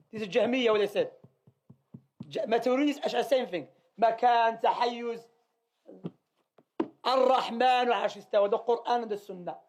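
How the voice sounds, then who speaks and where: A man's voice: very high-pitched, a little mellow. A male teacher commenting on a reading in an emphatic, repetitive way, firing off rhetorical questions. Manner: emphatic, repeats points, asks rhetorical questions. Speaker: teacher leading a religious class.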